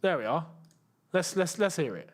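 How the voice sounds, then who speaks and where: A young man hosting a live football watchalong, chatting casually and shouting at near misses. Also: a little high, normal speed. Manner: excitable, shouts at chances, chatty slang. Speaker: football channel host. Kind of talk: live match watchalong commentary.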